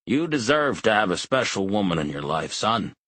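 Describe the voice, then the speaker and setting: A man voicing a blunt elderly father who barks in a booming voice. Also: very animated, moderate pace, a bit bright, no room sound. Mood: gruff. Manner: booming, barking.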